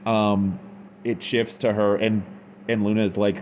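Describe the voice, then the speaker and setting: A man's voice: on the low side, flat delivery, unhurried, a little mellow, slight background noise. A man giving an unscripted, rambling review in casual slang, full of fillers. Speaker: fan fiction reviewer.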